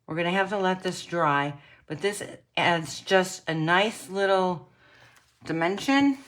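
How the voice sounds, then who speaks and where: A woman casually demonstrating card-making techniques, chatting to viewers and often clearing her throat. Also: lowish voice, a little slow, a bit bright. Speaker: craft demonstrator.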